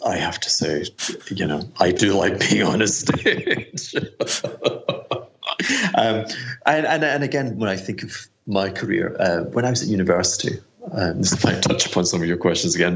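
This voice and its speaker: A man's voice: sits low, expressive, moderate pace, slight background noise. A middle-aged man with a Scottish accent, a fund manager answering interview questions in a rambling, self-deprecating way with frequent restarts. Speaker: hedge fund manager, guest.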